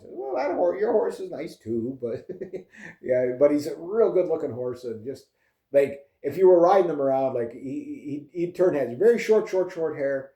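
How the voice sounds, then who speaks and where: A man's voice: fairly high pitch, very animated, normal speed, dark tone. A middle-aged man rambling casually in a vlog, full of fillers and chuckling asides. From Canada. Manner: meandering, lots of uh and like, chuckling asides. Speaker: vlogger. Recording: roomy echo.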